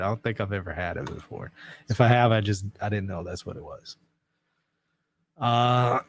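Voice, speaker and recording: A man hosting a livestream, reading out viewer comments in relaxed, self-mocking chat and laughing often. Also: lowish voice. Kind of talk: casual chat.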